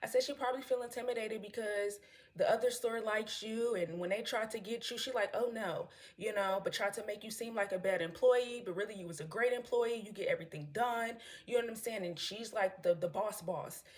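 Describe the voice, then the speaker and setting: A woman's voice: mid-range voice, fairly quick. A woman, casually telling her followers a story and often asking "you know what I'm saying". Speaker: vlogger telling a story to viewers.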